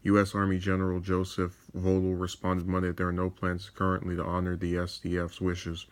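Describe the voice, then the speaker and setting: Young male commentator with a low, monotone delivery. He reads the news, then drifts into sardonic asides. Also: a little fast, hardly any pauses. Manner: sardonic, digressive, with frequent restarts. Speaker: political commentator.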